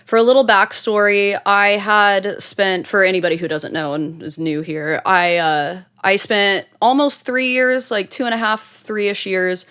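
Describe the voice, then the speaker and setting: A woman's voice: medium pitch, a bit bright, clear, resonant tone. A woman co-hosting a podcast, telling her story in casual chat, laughing often and swearing. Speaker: podcast co-host.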